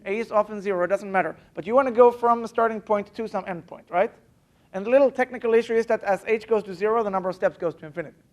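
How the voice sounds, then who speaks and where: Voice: mid-range voice, quick pace, darkish tone, dull audio. A university math lecturer giving a live classroom lecture, talking casually with many fillers and restarts and stressing the key points. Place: lecture hall.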